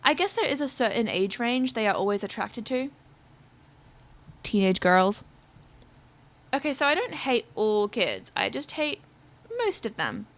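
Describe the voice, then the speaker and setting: A woman's voice: a little high, very animated, normal speed, fairly bright tone. A young adult woman telling a storytime rant in a sarcastic, profane way. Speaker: vlogger.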